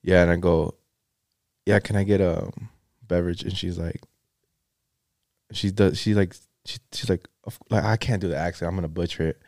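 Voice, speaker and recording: A man's voice: moderate pace, long pauses, no room sound, studio quality. A man in a casual chat with friends, telling a rambling story with restarts and swearing. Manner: rambling storyteller, lively swings of pitch.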